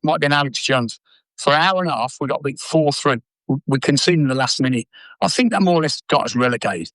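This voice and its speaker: An older former footballer telling blunt, sweary stories in an interview. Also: male voice, mid-range voice, no echo, rough recording. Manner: blunt, sweary, animated anecdotes. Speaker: former footballer and manager, guest. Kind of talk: casual storytelling interview.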